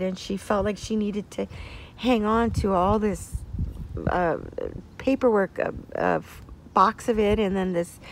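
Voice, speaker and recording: Gravelly-voiced woman in her sixties. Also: medium pitch, slight background noise. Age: 60s. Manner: meandering, circles back often. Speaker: vlogger. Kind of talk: personal storytelling.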